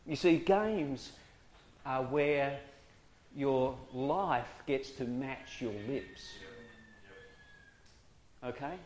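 A man's voice: mid-range voice, drawn-out words, long pauses, a little mellow, a little hiss or hum. Guy preaching to a room, jokes around and chuckles a lot, takes his time. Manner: jokey, chuckles often, acts out quoted voices. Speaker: preacher training children's ministry workers. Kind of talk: humorous teaching talk to an audience.

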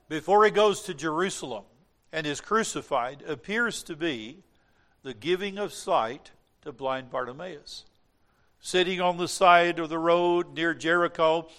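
A man preaching a sermon, swinging between hushed, slow reflection and loud, dramatic cries. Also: fairly high pitch.

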